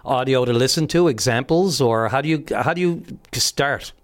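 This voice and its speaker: Jokey radio host. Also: male voice, medium pitch, normal speed. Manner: jokey, rambling questions with restarts. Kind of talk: casual radio interview.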